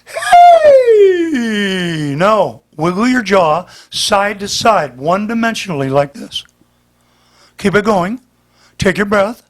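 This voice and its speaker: High-pitched male vocal coach, slightly worn voice, patient explainer. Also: expressive, a little slow, fairly bright tone. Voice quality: slightly damaged voice. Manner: patient, explanatory, demonstrates as he talks. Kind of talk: demonstrating voice lesson.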